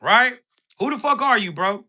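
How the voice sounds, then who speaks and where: A man's voice: high voice, expressive, moderate pace, bright, forceful tone. A man hosting a motivational livestream, talking bluntly in street slang with lots of profanity and checking in with "right?" over and over. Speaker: livestream host.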